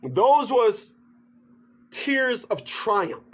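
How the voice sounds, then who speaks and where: High-voiced man on a slow comic rant. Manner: animated, joking, laughs through his points. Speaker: vlogger. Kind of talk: comedic rant to camera.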